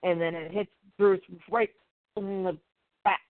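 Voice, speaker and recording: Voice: mid-range voice, steady tone, a little slow, dry recording. A comic book reviewer casually recapping an issue, rambling and reading the dialogue aloud plainly. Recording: tinny, dry phone-like sound.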